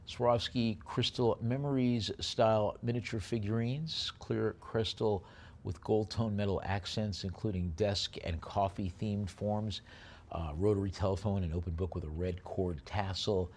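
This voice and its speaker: A lower-voiced man running a live auction. He rattles off bid calls in a rapid chant, then slows down to describe each item. He sounds like an auctioneer at work. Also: slight background noise.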